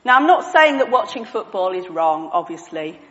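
A woman's voice: medium pitch, big pitch swings, normal speed, a bit bright, big-room sound, muffled recording. A woman preaching an all-age sermon with props, chatty and self-deprecating, asking the congregation questions.

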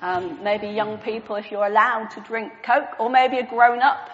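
A woman's voice: on the high side, normal speed, big-room sound, highs cut off. A woman preaching an all-age sermon with props, chatty and self-deprecating, asking the congregation questions.

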